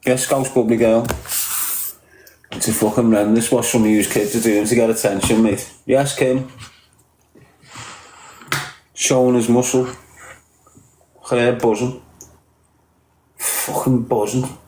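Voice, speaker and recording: A man's voice: mid-range voice, steady tone, normal speed, a little mellow, roomy sound, a little hiss or hum, poor audio. A man with a Liverpool accent chatting casually on a livestream, greeting viewers and teasing them bluntly with heavy swearing. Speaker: livestreamer reading viewer comments.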